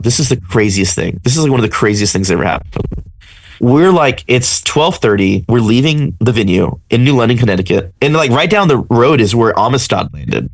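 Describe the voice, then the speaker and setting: A man, a guest musician on a casual chat show, telling stories in a rambling, animated way and acting out what people said. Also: mid-range voice, no echo. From Texas, USA. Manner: animated, rambling, acts out quotes. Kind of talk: casual storytelling.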